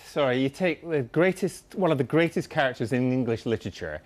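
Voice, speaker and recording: Male tv presenter, teasing, skeptical, quick talker. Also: medium pitch, lively intonation. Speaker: news presenter. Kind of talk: studio interview banter.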